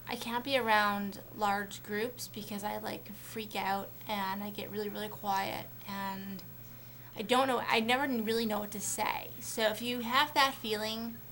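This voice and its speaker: A woman's voice: medium pitch, a bit bright, slight background noise. A young woman talking casually to camera on a shared vlog channel, rambling with many fillers and restarts. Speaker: vlogger on a collab channel.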